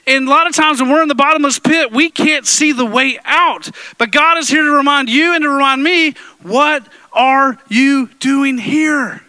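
A pastor preaches an energetic sermon in a church sanctuary, playfully joking with his congregation and dropping into deep-voiced impressions. He speaks fairly quickly with hardly any pauses, in a bright, forceful tone with no echo.

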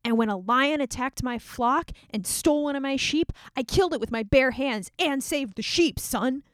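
A woman voicing a brash, zealous young male shepherd, cocky and quick to take offense. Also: sits high, fairly bright tone, no room sound, clean studio sound. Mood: boastful. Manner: indignant, cocky.

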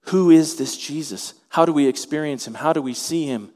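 Guy preaching a sermon, pretty high voice, big echoey hall sound. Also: normal speed, few pauses. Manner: animated, acts out voices in quotes. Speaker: pastor.

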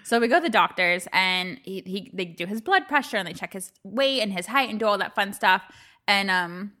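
A woman's voice: mid-range voice, lively intonation, brisk, sharp tone. A woman co-hosting a podcast, telling a family story in casual chat, acting out quotes and laughing often. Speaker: podcast co-host.

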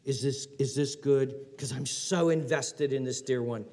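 A preacher voicing God as earnest and protective, questioning himself about a loved one. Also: male voice, medium pitch, steady tone, unhurried, dark tone, in a large hall, lightly acted. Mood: tender. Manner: pleading, earnest self-questioning.

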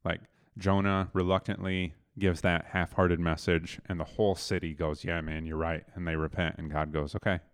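Guy with a really low voice telling a bible story casual, lots of ums, dry close sound. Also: little pitch movement, moderate pace, hardly any pauses, smooth, dry recording. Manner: conversational, loose paraphrase with fillers and restarts. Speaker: podcast co-host retelling a Bible story.

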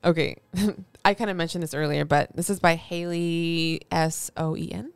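A woman's voice: fairly low pitch, fairly even intonation, normal speed, vocal fry, clear, resonant tone, no room sound. A young woman co-hosting a podcast, chatting casually, reading tweets aloud and laughing often. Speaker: podcast co-host.

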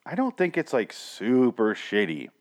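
A man co-hosting a podcast in casual chat, blunt and profane, acting out scenes with animated retellings. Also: mid-range voice, unhurried. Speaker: podcast co-host.

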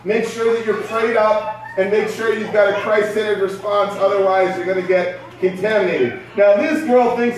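A man with a high voice preaches a sermon in a loose, conversational way and keeps asking his listeners questions. He is picked up from far off in a strongly echoing church hall. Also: steady tone, moderate pace, few pauses, crowd noise. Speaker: pastor.

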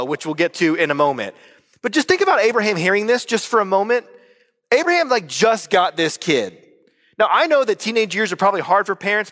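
A man in his thirties, a pastor preaching a sermon in an animated, conversational way. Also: high-pitched. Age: 30s. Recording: long reverb of a large hall.

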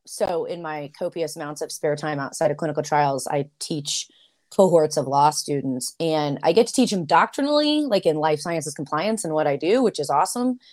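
A middle-aged woman in casual conversation on a podcast, telling stories with lively acted-out dialogue. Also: deep voice, moderate pace. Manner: animated storyteller, acts out quoted dialogue.

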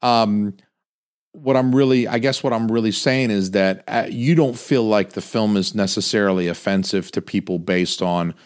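A man's voice: fairly low pitch, moderate pace. A young man in casual film chat, swearing freely and slipping into mocking voices. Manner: animated, profane, does mocking voices.

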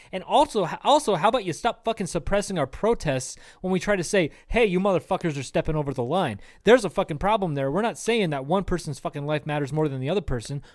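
A man's voice: sits high, dry recording, studio quality. A man co-hosting a casual podcast, ranting heatedly and swearing a lot. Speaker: podcast co-host. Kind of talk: casual chat.

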